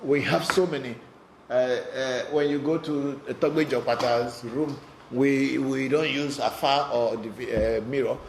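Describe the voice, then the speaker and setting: A man's voice: medium pitch, steady tone, a little slow, creaky, noisy background. A man, a spiritual teacher, answering viewer questions in a live online session, talking bluntly and often repeating words as he goes.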